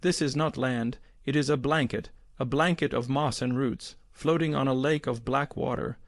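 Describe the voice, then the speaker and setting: A man voicing a weathered older Finnish swamp foreman who speaks slowly and calmly with a Finnish accent. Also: medium pitch, dry recording, studio quality, lightly acted. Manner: slow, calm, deliberate.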